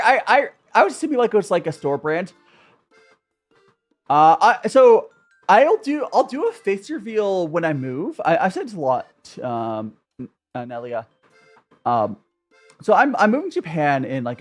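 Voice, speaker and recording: Lively, rambling livestream chatter. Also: medium pitch. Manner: rambling and chatty, greeting viewers by name. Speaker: tea-drinking livestreamer. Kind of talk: casual livestream chat.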